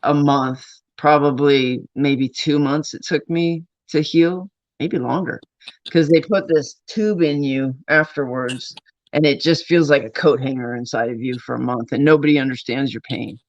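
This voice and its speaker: A male streamer chats casually on a livestream, spinning long, rambling stories and swearing freely. His voice is medium-pitched at a normal speed, and the sound is dull, lo-fi and dry.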